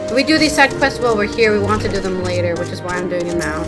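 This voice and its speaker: A woman's voice: medium pitch, steady tone, fast talker. A woman streaming a game, chatting casually, swearing and laughing freely. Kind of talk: casual live-stream commentary. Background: game music.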